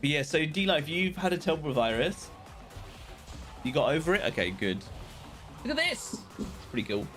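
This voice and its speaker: A British man chatting casually with viewers while streaming a game, with excited outbursts at the action. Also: fairly high pitch, moderate pace, long pauses, soft background music. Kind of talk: casual live-stream chat while playing.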